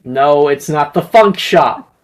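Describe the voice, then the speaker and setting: A man's voice: on the high side, takes it slowly. A man narrating a tabletop game as game master, chatty and rambling.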